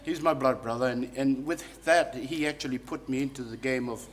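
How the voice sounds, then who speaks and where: A man's voice: medium pitch, moderate pace. A man, a funeral celebrant, telling a folksy, rambling eulogy at a funeral service.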